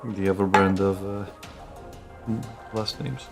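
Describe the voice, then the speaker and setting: Low-voiced man in rambling stream chat. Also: fairly even intonation, slow pace, gravelly, over loud music. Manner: rambling, jokey, with restarts. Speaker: streamer co-host.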